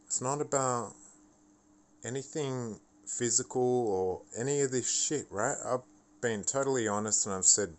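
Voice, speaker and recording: Man, vlog rant, tired, blunt and profane, slow and deliberate. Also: medium pitch. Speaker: vlogger. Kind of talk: casual ranting monologue.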